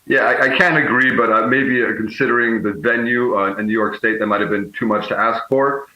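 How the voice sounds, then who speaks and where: A man speaking as a political strategist guest, measured and often correcting himself mid-sentence. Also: medium pitch, steady tone, sharp tone. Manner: measured, frequently self-correcting. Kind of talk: remote guest commentary. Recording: echoey, muffled remote feed.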